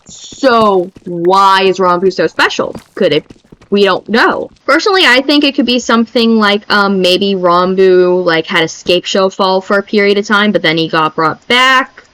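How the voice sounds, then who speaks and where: A young woman streamer chatting casually in an excitable, rambling way. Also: mid-range voice, moderate pace, smooth, no echo, low-quality recording.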